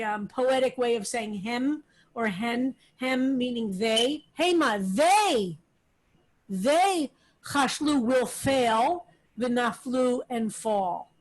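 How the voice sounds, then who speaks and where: A woman rabbi leading a text study, explaining words slowly with many pauses and fillers. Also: fairly high pitch, rough recording. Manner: slow, explanatory, with frequent fillers. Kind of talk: relaxed Hebrew text lesson.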